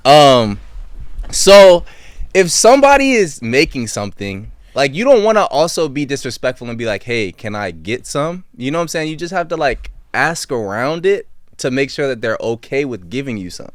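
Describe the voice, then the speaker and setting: A young man chats as a podcast guest, full of jokes and playful asides. His pitch moves a lot as he talks. The sound is dry and close. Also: normal speed, no echo. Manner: joking, playful, animated. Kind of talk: casual chat.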